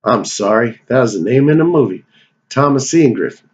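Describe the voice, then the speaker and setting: A man talks through his favorite movies in a loose, rambling vlog, swearing and joking as he wanders off topic. His voice sits in an ordinary middle pitch. The home recording sounds a little dull and muffled. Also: expressive, moderate pace. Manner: digressive, profane, joking. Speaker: movie review vlogger. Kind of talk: casual rambling movie rundown.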